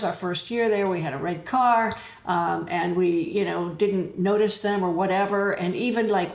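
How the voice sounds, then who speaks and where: A woman hosting a travel vlog, telling chatty stories and laughing now and then. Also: lowish voice. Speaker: travel channel host. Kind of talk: casual talking-to-camera vlog. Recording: echoey room.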